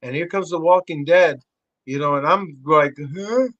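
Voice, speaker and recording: A middle-aged man, a guest on a podcast, telling a story in a loose, profane way and jumping high in pitch when he acts out what people said. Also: moderate pace, dry recording, muffled recording. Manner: animated, profane, acts out quotes with big pitch jumps. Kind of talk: casual storytelling chat.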